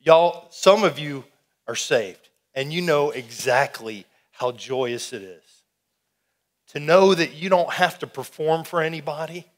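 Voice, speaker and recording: A middle-aged man giving an animated, folksy testimony sermon to a youth rally, calling out to the crowd. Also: a little high, measured pace. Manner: animated, folksy, audience call-and-response.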